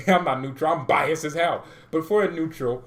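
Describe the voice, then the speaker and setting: A young man hosting a football fan channel, ranting about a match with loud, hyped outbursts that drop into calmer talk. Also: fairly high pitch, moderate pace. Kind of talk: excited fan reaction rant.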